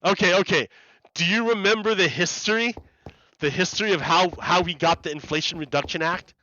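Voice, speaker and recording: A man's voice: high-pitched, fairly quick, sharp tone, dry recording, highs cut off. A man chatting casually on a live game stream, rambling and repeating words as he explains ideas to his viewers. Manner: rambling, repeats words and restarts, laughs often.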